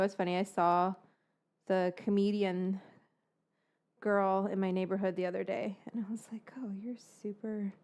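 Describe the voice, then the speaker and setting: A woman, likely in her thirties, hosting a cooking livestream in a rambling, casual way and swearing freely. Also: mid-range voice. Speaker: livestream host baking from her cookbook.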